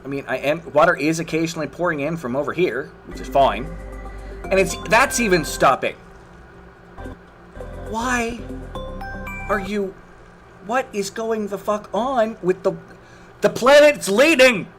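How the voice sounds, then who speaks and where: A man's voice: high-pitched, measured pace, pauses often, a bit bright, faint music behind. A man commentating his own gameplay on a live stream, exasperated, swearing and groaning at the game.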